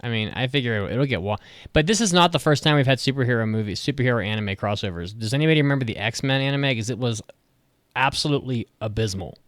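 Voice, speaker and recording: A man's voice: medium pitch, expressive, quick pace, fairly bright tone, no room sound, studio quality. A man co-hosting a podcast, chatting casually, blunt and swearing often. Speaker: podcast co-host. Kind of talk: casual chat.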